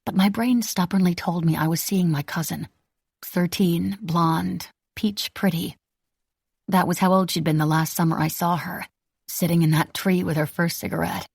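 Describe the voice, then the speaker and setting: A woman reading a novel aloud in the first person, with wry, measured storytelling. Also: on the low side, fairly even intonation, gravelly, a little mellow, breathy edge, no room sound, clean studio sound. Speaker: audiobook narrator.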